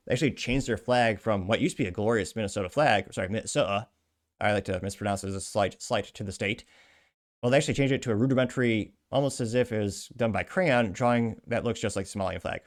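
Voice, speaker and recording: A man hosting a commentary show, reading out social media posts and adding wry, sarcastic asides. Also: fairly low pitch. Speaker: show host.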